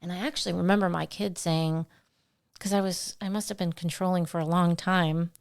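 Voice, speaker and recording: A woman's voice: lowish voice, fairly quick, gravelly, smooth. Earnest woman co-host sharing faith stories. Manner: earnest, heartfelt, animated retelling. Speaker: podcast co-host. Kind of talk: faith conversation, personal storytelling.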